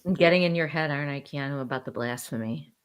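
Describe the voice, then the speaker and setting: A woman's voice: low-pitched, fast talker, smooth. A woman co-hosting a podcast in casual chat, teasing and giggly. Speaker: podcast co-host.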